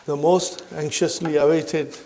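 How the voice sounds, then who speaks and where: Slow, gravelly man teaching grammar. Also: fairly high pitch, little pitch movement, warm tone, a little hiss or hum. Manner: repeats questions to the class, checks understanding with "huh?" and "are you with me"; addresses listeners as brothers and sisters. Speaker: Arabic language teacher. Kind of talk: classroom grammar lesson.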